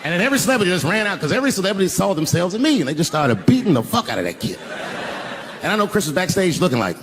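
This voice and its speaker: An older man doing a stand-up routine on a large arena stage into a handheld mic, telling a profane story in an animated way. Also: high-pitched, rapid-fire. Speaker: stand-up comedian. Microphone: handheld stage microphone. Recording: live recording with background noise.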